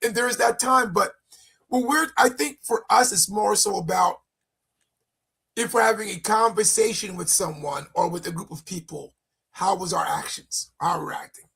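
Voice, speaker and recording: A man with a gravelly, very husky voice who talks in halting starts, repeating words as he finds his point. He co-hosts a casual chat show about faith. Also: sits high, bright, forceful tone. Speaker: co-host.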